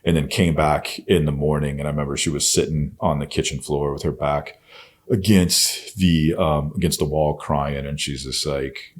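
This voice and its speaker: Very deep-voiced blunt man. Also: steady tone, normal speed. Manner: blunt, heavy swearing, intense retelling. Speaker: podcast guest. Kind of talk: candid storytelling.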